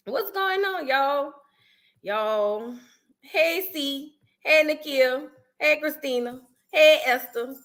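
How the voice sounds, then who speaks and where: A young woman hosts a casual livestream, calling out viewers by name in a relaxed, chatty drawl. Her voice sits high and sounds bright and forward. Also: measured pace. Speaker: livestream host. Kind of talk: casual live-stream chat greeting viewers.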